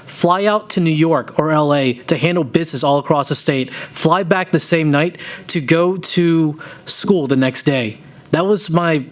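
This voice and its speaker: A man in his thirties from Louisiana speaks to a committee as a business owner. His voice sits fairly high, and he tells his story earnestly with casual, folksy asides. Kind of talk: public testimony at a committee hearing.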